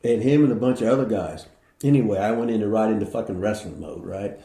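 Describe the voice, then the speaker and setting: A man's voice: lowish voice, quick pace, gravelly, mellow, echoey room. An older man from Indiana, a retired wrestler hosting a podcast, telling rambling stories full of swearing. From Indiana, United States. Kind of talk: casual profane storytelling.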